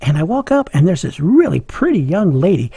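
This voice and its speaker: A middle-aged man tells a personal story in a gravelly, husky voice, chuckling and poking fun at himself. He sounds a little higher than most men, close and dry. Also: big pitch swings, a little fast, warm tone, dry recording. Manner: humorous, chuckling, self-mocking.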